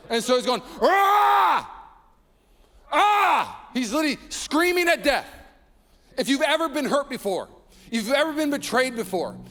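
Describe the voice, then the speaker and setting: A young adult male pastor preaching a sermon with lots of energy, shouting out lines and acting out quoted voices. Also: sits high, in a large hall. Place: large church hall.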